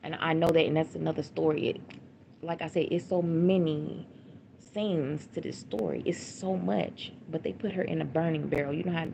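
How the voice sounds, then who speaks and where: Gravelly-voiced woman recounting a loss. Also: low voice, fairly even intonation, moderate pace. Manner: repetitive, blunt and emotional, with slang and restarts. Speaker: grieving mother telling her story. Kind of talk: livestream personal account. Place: home livestream. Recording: dull lo-fi stream audio with noise.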